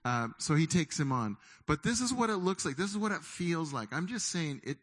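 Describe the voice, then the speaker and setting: A middle-aged man preaching a sermon, lively and conversational, often acting out the doubting voices of his listeners. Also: on the high side, normal speed. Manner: animated, acts out inner voices of listeners. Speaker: pastor.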